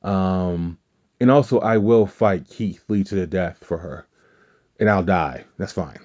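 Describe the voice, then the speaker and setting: Low-ish warm voiced guy rambling thru a story on a podcast, swears a bit, kinda muffled audio. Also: measured pace. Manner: rambling, self-correcting, swears casually. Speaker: podcast co-host. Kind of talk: casual storytelling chat. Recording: dull lo-fi audio.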